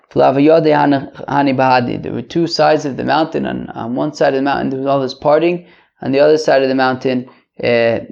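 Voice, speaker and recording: A man hosting a podcast, reading Aramaic phrases slowly and then paraphrasing them quickly in English, with casual asides. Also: a little high, vocal fry, warm tone. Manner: casual asides with frequent fillers. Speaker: podcast host teaching Talmud. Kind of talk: casual Talmud lesson, reading and translating. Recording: dull lo-fi audio.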